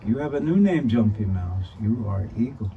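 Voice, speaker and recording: A man voicing a cheerful male frog with bright, encouraging calls. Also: medium pitch, big pitch swings, a little slow, narrow, tinny audio, soft background music. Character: cheerful high-voiced male frog on a lily pad.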